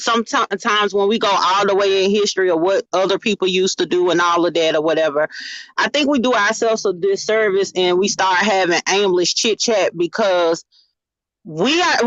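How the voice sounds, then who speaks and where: A woman's voice: mid-range voice, normal speed, a bit bright, dry recording. Hesitant woman talking through her ideas. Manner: thoughtful, hesitant, many restarts and fillers. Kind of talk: casual discussion. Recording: dry, dull lo-fi sound.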